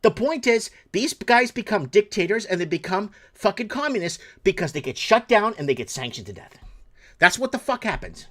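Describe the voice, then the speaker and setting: A man hosting a talk show, ranting angrily and cursing, swinging between shouted bursts and low muttering. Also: big pitch swings, normal speed. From Portuguese heritage. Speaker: show host. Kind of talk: angry political rant.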